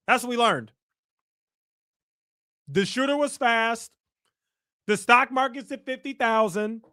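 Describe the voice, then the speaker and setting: A man's voice: extremely high pitch, slow pace, pauses often, pushed and bright. A man hosting a live stream, ranting in exasperated casual reaction commentary and swearing freely.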